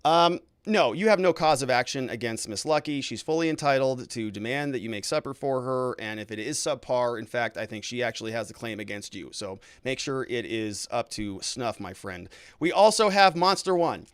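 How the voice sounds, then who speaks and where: A man's voice: mid-range voice, animated, moderate pace, hardly any pauses, clear, resonant tone, no echo. A man, a lawyer, hosting a casual livestream, talking through legal news and reading viewer comments in a conversational, hedging way.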